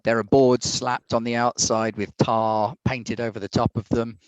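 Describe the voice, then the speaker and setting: A middle-aged game master narrating a tabletop role-play with theatrical flair, slowing down for the people he voices. His voice sits in an ordinary male range. The sound is dry and close. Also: medium pitch, little pitch movement, smooth, no echo, rough recording. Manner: theatrical storytelling with slow in-character lines.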